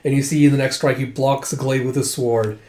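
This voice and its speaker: A man's voice: medium pitch, a little fast. A man casually recapping a story, acting out the lines with lots of "he's like.". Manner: animated, acts out quotes, frequent "he's like". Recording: roomy echo.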